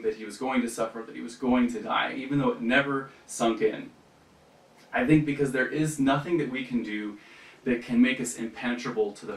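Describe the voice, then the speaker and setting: A man's voice: mid-range voice, fairly bright tone. A young adult man giving a personal faith testimony at a retreat, reflective and conversational, with frequent fillers and restarts. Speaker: retreat speaker. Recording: roomy, from a distance.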